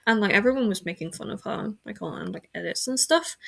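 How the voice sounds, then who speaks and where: A woman's voice: medium pitch, lively intonation, fairly quick, vocal fry, a bit bright. A woman hosting a podcast from a room at home, chatting casually and rambling with lots of filler words and self-corrections. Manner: frequent self-corrections and restarts. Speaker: podcast host. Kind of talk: casual chat.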